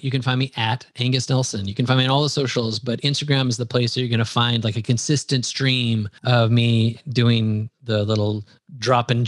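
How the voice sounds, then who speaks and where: Man, Wisconsin accent, podcast guest, energetic, chatty, dead dry sound. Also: mid-range voice, no echo. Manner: energetic, chatty, quick asides. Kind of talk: casual interview chat.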